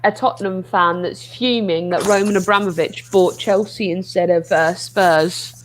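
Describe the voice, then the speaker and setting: A woman's voice: fairly low pitch, steady tone, moderate pace, slight background noise, rough recording. A woman from Essex with an Essex accent, chatting bluntly and casually on a live football watchalong, with a lot of "like". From Essex, England. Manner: blunt, says "like" often. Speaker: watchalong co-host. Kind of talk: casual chat.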